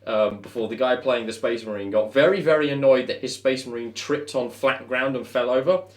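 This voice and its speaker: A man's voice: mid-range voice, a little fast, reverberant. A man co-hosting a gaming podcast, chatting casually, swearing freely and laughing a lot. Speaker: podcast co-host.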